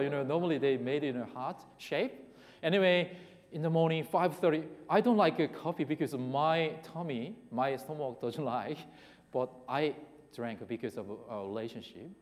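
A man with a Korean accent giving a sermon, talking in a halting way that restarts and repeats words and putting questions to the congregation. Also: mid-range voice, darkish tone. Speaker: preacher. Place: church hall. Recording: reverberant hall.

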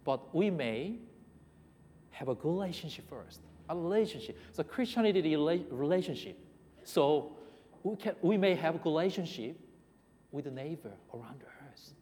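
A man with a Korean accent giving a sermon, talking in a halting way that restarts and repeats words and putting questions to the congregation. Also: a little high, lively intonation, warm tone. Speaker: preacher. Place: church hall. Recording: reverberant hall.

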